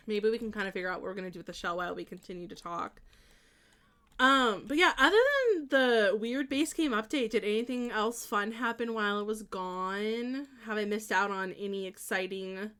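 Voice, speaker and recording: A woman's voice: mid-range voice, a bit bright. A young woman streamer chatting casually with her viewers while she plays, laughing often and reading their messages aloud. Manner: bubbly, giggly, reads chat aloud. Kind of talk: casual chat while playing a game.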